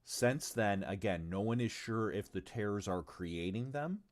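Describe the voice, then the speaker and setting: Deep-voiced man rambling on a livestream. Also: animated, measured pace. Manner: rambling and profane, with stumbles and asides to chat. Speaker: game designer presenting his tabletop game on stream. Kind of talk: casual livestream chat.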